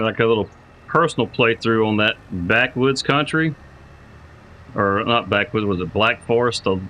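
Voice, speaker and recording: A man's voice: medium pitch, pushed and bright, rough recording. A man streaming a farming game live, chatting casually with viewers, greeting them by name and thinking aloud with lots of repeated words. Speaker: livestreamer playing a farming game.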